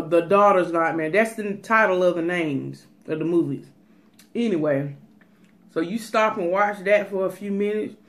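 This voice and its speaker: A woman's voice: mid-range voice, fairly bright tone. Woman vlogger, casual and emphatic, talks straight to her viewers. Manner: emphatic, advice-giving, repeats "let me tell you". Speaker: cooking and mukbang vlogger. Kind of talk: casual chat.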